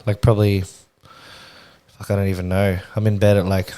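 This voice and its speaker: A man's voice: deep voice, level tone, normal speed, mellow. A young man co-hosting a podcast, laid-back and laughing often, swearing freely in casual chat. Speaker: podcast co-host.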